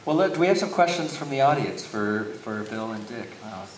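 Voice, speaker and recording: A man moderating a question-and-answer session, calling on the audience briskly. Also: medium pitch, animated, distant mic, a little hiss or hum. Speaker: event moderator. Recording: roomy hall, mic from afar.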